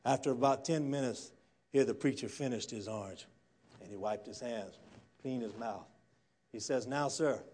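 A male preacher, delivering a church sermon as a folksy storyteller who swings from quiet murmurs to loud, fired-up preaching. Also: medium pitch, moderate pace, long pauses, a little hiss or hum. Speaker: guest pastor. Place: church sanctuary.

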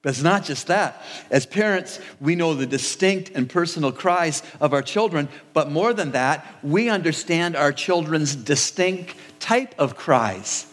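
Guy preaching a sermon, slightly high voice, steady repeating rhythm, long church reverb. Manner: measured, repetitive preaching cadence. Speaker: pastor. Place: church sanctuary.

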